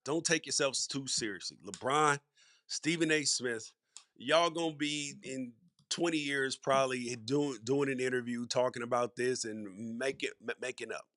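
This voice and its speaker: A man's voice: mid-range voice, normal speed, sharp tone, no echo, clean studio sound. A middle-aged man hosting a sports podcast, giving solo commentary in a conversational, emphatic way and repeating words for stress. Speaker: podcast host.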